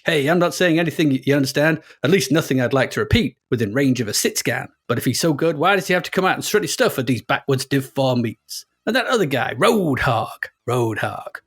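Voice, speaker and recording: A man's voice: medium pitch, animated, a little fast, few pauses, breathy edge. A man reading a story aloud in a put-on American accent, playing a boastful, cynical washed-up race driver with a slangy, sneering drawl. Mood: swaggering.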